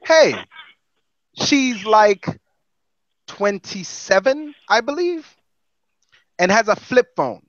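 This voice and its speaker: High, animated man telling profane stories. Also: takes it slowly, long pauses, dry recording, lo-fi sound. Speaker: podcast co-host. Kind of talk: casual storytelling.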